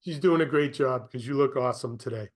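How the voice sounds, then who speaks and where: A man's voice: medium pitch, quick pace. A man hosting a podcast interview, chatting in a friendly, upbeat way. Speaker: podcast host. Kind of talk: casual interview.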